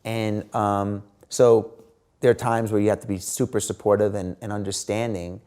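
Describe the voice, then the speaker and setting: A middle-aged man with a lowish, smooth voice speaks at a moderate pace as an interview guest. He tells stories casually and animatedly, packing in lots of fillers and acted-out quoted dialogue.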